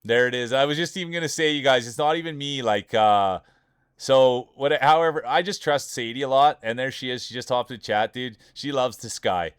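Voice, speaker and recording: A man from Canada hosting a live stream, chatty and excitable, laughing often and calling people "dude". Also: medium pitch, brisk, clean tone, no echo, clean studio sound. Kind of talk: casual live-stream commentary.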